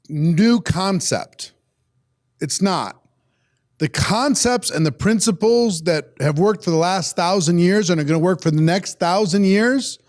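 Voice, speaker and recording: A man hosting a business event, giving an emphatic, preachy motivational talk from Minnesota. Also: fairly high pitch. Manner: emphatic, preachy, repetitive phrasing. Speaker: event host. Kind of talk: motivational speech.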